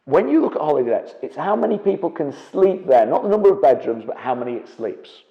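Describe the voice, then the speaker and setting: A man giving an energetic seminar presentation as a property investment trainer, often checking in with the audience. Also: on the high side, quick pace, vocal fry. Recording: dull, echoey hall with long reverb.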